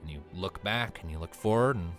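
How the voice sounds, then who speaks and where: A man running a tabletop game as game master, narrating scenes in a relaxed, descriptive way with casual fillers. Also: sits low, fairly quick, soft background music.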